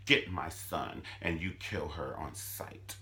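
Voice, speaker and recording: A man voicing a haughty, scheming woman with a dramatic, drawn-out delivery. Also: a bass voice, pushed and bright, voice pushed down, full character voice.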